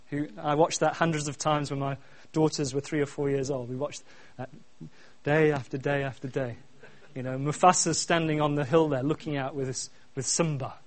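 A middle-aged man preaching a sermon, swinging from quiet asides to loud, repeated refrains. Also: a little high. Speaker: pastor.

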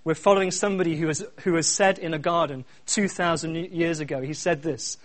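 A middle-aged man preaching a sermon, swinging from quiet asides to loud, repeated refrains. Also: fairly high pitch, fairly even intonation, brisk, hardly any pauses. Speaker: pastor.

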